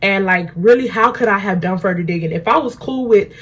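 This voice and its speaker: A young adult woman at home, telling an animated, slangy story while doing her makeup. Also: medium pitch, brisk, slightly rough. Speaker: beauty vlogger.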